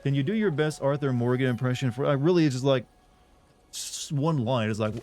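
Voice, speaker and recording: A man's voice: medium pitch, fast talker, a little mellow. A young man from the American South talks with only a faint Southern US twang, his mid-range voice rambling along in loose, chatty gameplay commentary. He jokes at his own expense and answers chat as he plays. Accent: subtle Southern US. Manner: rambling, chatty, self-deprecating. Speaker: streamer.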